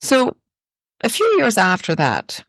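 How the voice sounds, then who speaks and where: Her mid-range voice swoops wildly in pitch at a slow pace, recorded dry. A woman from Ireland with an Irish accent, she's a podcast guest recounting personal stories in a reflective, spiritual manner, punctuated by rhetorical "right?".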